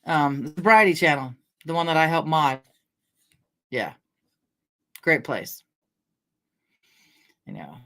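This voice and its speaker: A middle-aged woman from Washington State chats on a casual livestream, reading out names from the chat as she goes. Her voice sits low for a woman, and she rambles easily from one story to the next with frequent laughs. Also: big pitch swings, takes it slowly, pauses often, fairly bright tone. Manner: chatty, rambling, laughs often, greets viewers by name. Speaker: livestream host. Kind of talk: casual chat with live chat readers.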